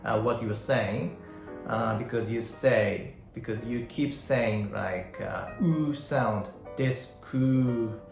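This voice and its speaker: A man with a Japanese accent gives a relaxed English pronunciation lesson, speaking slowly and filling his pauses with little hesitations. His voice sits at an ordinary pitch and carries a roomy echo. A soft guitar plays faintly behind him. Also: gravelly. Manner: hesitant, frequent fillers; demonstrates sounds aloud. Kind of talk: casual instructional talk.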